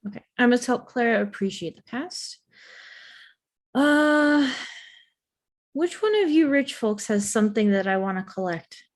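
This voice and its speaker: A woman player chatting casually during a tabletop game, playful and quick to joke about herself. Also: a little high. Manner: playful, laughing, self-deprecating asides.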